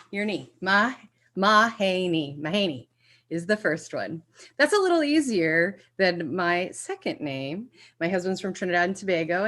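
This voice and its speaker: A woman chairs a public commission meeting over a video call. She talks in a playful, teacherly way, and her voice sits a little low. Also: a bit bright.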